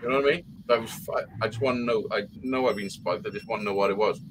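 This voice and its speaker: A man's voice: lowish voice, steady tone, quick pace, a little hiss or hum, poor audio. A man telling long, rambling anecdotes in casual chat, swearing constantly. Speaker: live show chat participant. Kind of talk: casual profane storytelling.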